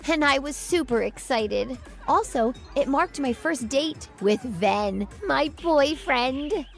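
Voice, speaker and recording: A woman narrating a first-person story with a dramatic, emotive reading. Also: medium pitch.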